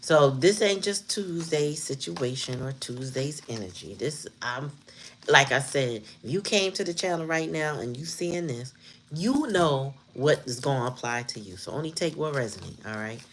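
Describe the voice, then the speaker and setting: A woman with a low voice gives a casual tarot reading. She talks bluntly, swears freely and laughs often. Faint room noise sits under her voice. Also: animated, moderate pace. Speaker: tarot reader.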